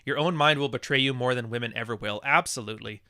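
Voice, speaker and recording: A man's voice: mid-range voice, fast, bright, forceful tone, no echo, studio quality. A man hosting a live podcast, reading chat messages and talking in a blunt, profane, wisecracking way. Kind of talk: casual livestream monologue.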